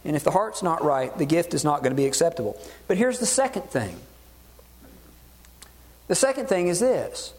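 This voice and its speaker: A man preaching a sermon, animated and acting out voices in the dialogue he quotes. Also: on the high side, moderate pace, pauses often, in a large hall, a little hiss or hum. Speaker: pastor.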